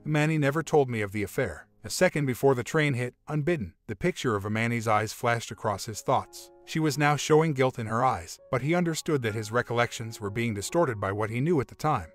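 A man reading a relationship story aloud in an even, measured narration. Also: mid-range voice, soft background music. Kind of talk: scripted narration.

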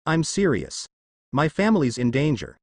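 A defiant young male hunter, as a man reads him, demanding and wry. Pitch moves lively; the sound is dry. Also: normal speed, no echo.

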